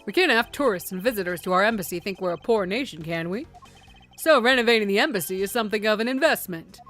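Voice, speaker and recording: A woman's voice: medium pitch, expressive, fast, a bit bright, faint music behind, natural voice. A woman voicing a formal, stately male ambassador from a game who speaks in a dignified way. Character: formal middle-aged male ambassador, proud of his small nation.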